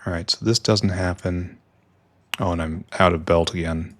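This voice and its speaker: A man's voice: low-pitched, steady tone, normal speed, a little hiss or hum. A man giving rambling, wry commentary while playing a video game, often talking to himself and trailing off into mutters. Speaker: gameplay streamer. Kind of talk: casual let's-play commentary.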